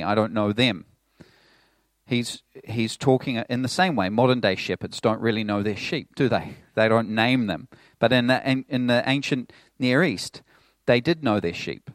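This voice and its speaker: A male pastor preaching a sermon in a casual, conversational way, telling animated stories. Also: on the low side, no room sound. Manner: conversational, animated storytelling with playful put-on voices.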